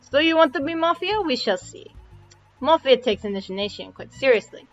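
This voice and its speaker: A woman voicing a gruff, boastful male mob boss who speaks in clipped, broken English. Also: high-pitched, animated, moderate pace, pitched above the performer's own voice. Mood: blustering. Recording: dull audio with faint music.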